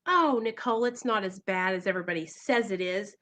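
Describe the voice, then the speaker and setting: A woman's voice: medium pitch, fairly quick, voice pushed down, lightly acted. A coaxing inner addiction voice, as a woman puts it on. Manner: coaxing, flattering.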